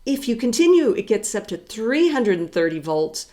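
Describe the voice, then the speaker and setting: A woman's voice: fairly high pitch, very animated, normal speed, mellow. Woman, psychology professor, recorded lecture, explanatory with rhetorical questions.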